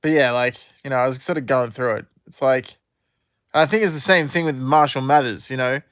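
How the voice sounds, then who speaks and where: A man's voice: mid-range voice, brisk, fairly bright tone, no room sound, studio quality. A man in his thirties talking in a rambling, profane solo monologue full of fillers and restarts. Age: 30s.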